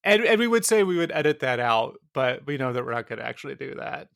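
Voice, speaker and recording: A man's voice: mid-range voice, big pitch swings, fast, creaky, a bit bright, no echo, studio quality. A man cohosting a film podcast, chatting casually in a rambling, self-deprecating way. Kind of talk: casual chat.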